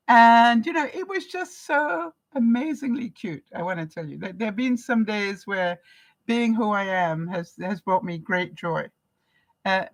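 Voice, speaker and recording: A woman's voice: mid-range voice, low-quality recording. A woman vlogger from Canada, telling stories in a live-stream chat with viewers, laughing often and acting out the voices she quotes.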